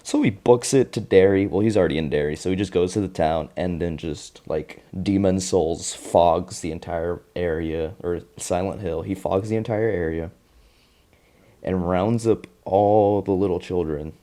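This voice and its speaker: A man's voice: low voice, normal speed, dark tone. A man hosting a podcast, recapping a TV show in a casual, profane, joking way. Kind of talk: casual chat.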